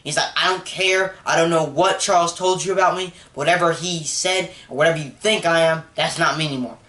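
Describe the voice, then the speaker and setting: A man's voice: fairly high pitch, fairly even intonation, brisk, sharp tone. Rambling young man recapping a movie. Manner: rambling, lots of fillers. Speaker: movie reviewer. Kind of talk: casual spoken movie recap. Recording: echoey room.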